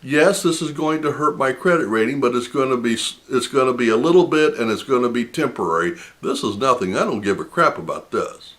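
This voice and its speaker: Expressive and fairly bright, this mid-pitched male voice moves quickly with few pauses. The host of a personal finance channel, he tells a story to camera with indignation, stressing a phone argument emphatically and breaking into incredulous laughter.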